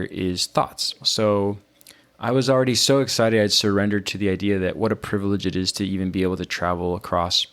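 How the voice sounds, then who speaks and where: A man hosting a podcast, telling a personal story in an animated way, often restarting his phrases. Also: fairly low pitch. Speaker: podcast host. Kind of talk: conversational storytelling.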